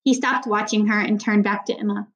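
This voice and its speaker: A woman's voice: medium pitch, fairly even intonation, fairly quick, lo-fi sound. A woman reading a children's novel aloud, with small slips and restarts. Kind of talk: audiobook narration of a children's novel.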